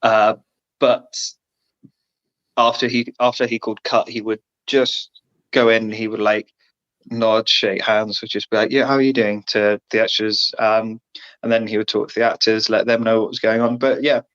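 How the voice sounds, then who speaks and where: A man's voice: lowish voice, completely flat delivery, normal speed, a bit bright. A man guest on a remote call, talking earnestly and rambling, restarting his sentences often. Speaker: guest actor. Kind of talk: casual chat. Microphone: remote call over Wi-Fi. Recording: muffled lo-fi call audio.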